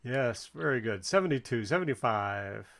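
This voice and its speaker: A man's voice: medium pitch, lively intonation, normal speed, gravelly, a bit bright. A man giving casual, encouraging play-by-play while someone else flies in a video game, counting the balloon score aloud. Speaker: co-commentator watching a flight game.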